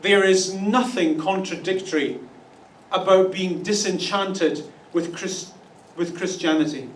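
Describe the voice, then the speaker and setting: Wry high-voiced pastor in an echoey hall. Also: male voice, a little slow, slight background noise. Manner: wry, playful asides with mock voices. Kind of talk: humorous Easter sermon. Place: church auditorium. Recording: echoey room, distant mic.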